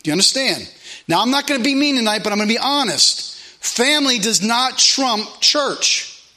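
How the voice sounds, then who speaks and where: Earnest pastor, high bright voice. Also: male voice, expressive, normal speed. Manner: earnest, conversational preaching with asides and repetition. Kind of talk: sermon. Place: church sanctuary.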